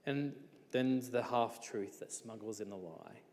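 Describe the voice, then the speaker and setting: A man preaching a sermon in a relaxed, conversational way, with many rhetorical questions. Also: on the low side, measured pace, in a large hall.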